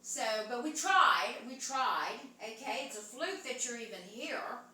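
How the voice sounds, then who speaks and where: A brash, crude middle-aged hostess, put on by a woman rambles through her show, ending almost every phrase with "okay?". Her voice is high, bright and swings widely in pitch. She sounds very echoey, picked up by a mic well away from her. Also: expressive, measured pace. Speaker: host. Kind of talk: improvised comedy sketch. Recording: very echoey room, mic far off.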